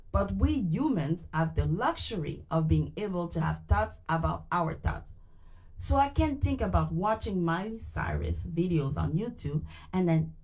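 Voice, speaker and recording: Into a microphone on a live stream, a tired French Canadian woman, a native French speaker, reads a book aloud with animation. Her pitch is fairly low, and she keeps retrying hard words again and again.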